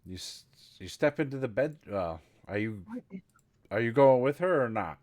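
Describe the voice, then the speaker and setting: A man narrating as game master of a tabletop game, unhurried and conversational. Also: medium pitch, animated, darkish tone, no echo.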